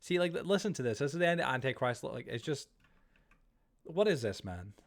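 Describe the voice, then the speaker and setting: A man's voice: medium pitch, sing-song, fairly quick. Chatty male streamer rambling while gaming. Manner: chatty, rambling, easily startled. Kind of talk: casual livestream chat while gaming.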